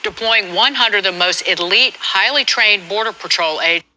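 Bright-voiced TV news correspondent. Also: male voice, sits high, normal speed, slight background noise, low-quality recording. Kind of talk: broadcast news report.

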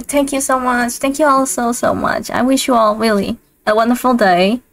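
Woman streamer, fairly high voice, excitable and gushing, soft lo-fi music behind. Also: vocal fry. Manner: gushing, excitable, quick to laugh. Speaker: streamer host. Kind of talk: casual livestream chat. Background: faint lo-fi background music.

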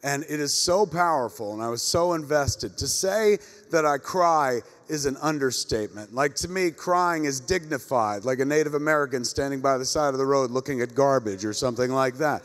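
A man's voice: mid-range voice, moderate pace, hardly any pauses, a bit bright. A middle-aged man moderating a convention panel, telling rambling, profane comic anecdotes to a live audience on stage. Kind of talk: comedic storytelling to a live audience. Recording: echoey convention hall with long reverb.

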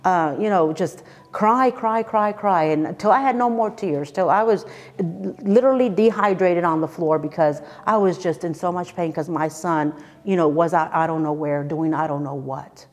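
A woman's voice: lowish voice, normal speed, long reverb tail. A woman in her fifties giving an emotional personal testimony, earnest and repeating phrases for emphasis. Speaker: church speaker sharing her testimony.

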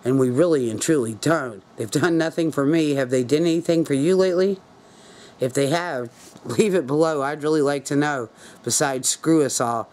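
A man's voice: on the high side, normal speed, darkish tone. A man talking to camera in an angry, preachy rant, urging viewers to act. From United States. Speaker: video blogger. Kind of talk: impassioned political rant to camera.

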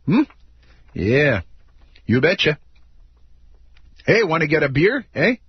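Man doing a teasing border guy, husky, lively singsong, dry dull studio sound. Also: a little high, takes it slowly, no room sound, full character voice. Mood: mocking. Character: mock friendly Canadian border official, man.

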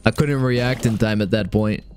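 A young man commentating his own game run, excitable and swearing, talking to himself. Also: on the low side, normal speed, faint music behind. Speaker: gaming streamer. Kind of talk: live let's-play commentary.

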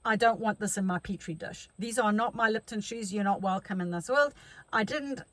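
A woman's voice: medium pitch, normal speed, fairly bright tone, dry recording, low-quality recording. A middle-aged woman life coach giving a chatty motivational talk, telling stories with many restarts.

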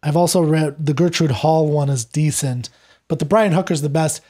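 A man talking as a podcast guest, retelling a play in a lively conversational way and acting out the characters' lines as he goes. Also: fairly high pitch, normal speed. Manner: animated, acts out quoted lines while retelling. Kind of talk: conversational literary discussion.

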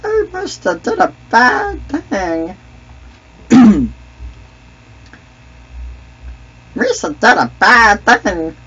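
A man voicing a goofy, excitable male alien sidekick who talks about himself in the third person while gaming, with a husky, slow but lively voice on a dull lo-fi mic. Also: high voice, full character voice. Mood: sheepish. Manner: refers to himself in third person, brash trash talk. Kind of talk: gaming commentary in a character voice.

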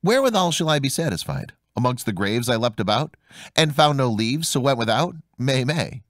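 A man voicing a wicked, lying nanny goat who chants her rhymes in a slow, drawn-out sing-song that ends in bleats. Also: mid-range voice, big pitch swings, fairly bright tone, no room sound, clean studio sound.

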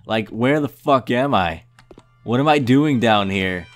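A man's voice: on the low side, lively intonation, slow pace, soft background music. A young man giving comedic, mock-arrogant gameplay commentary, brash and swearing often. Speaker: gaming youtuber.

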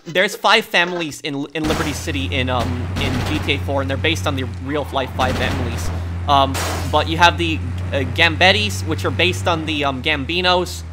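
A man narrating his gameplay in a loose, chatty way, often stopping to read in-game messages and hunting for words with lots of ums. His voice sits a little high for a man. Game music plays clearly behind him. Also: normal speed. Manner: chatty, reads in-game messages aloud, many fillers. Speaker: let's play gamer. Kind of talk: casual gameplay commentary.

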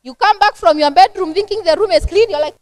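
High-voiced Kenyan woman teaching parents. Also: fast talker. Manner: lively, conversational teaching that acts out everyday scenes. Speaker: guest speaker at a church parenting seminar. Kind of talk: seminar talk to a church women's group.

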